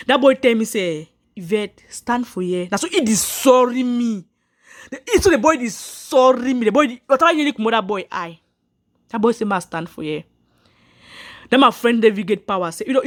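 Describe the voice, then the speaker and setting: A woman's voice: on the high side, brisk, a bit bright. A woman, telling viewers her own story earnestly, repeating herself and restarting lines. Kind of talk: personal story told to viewers.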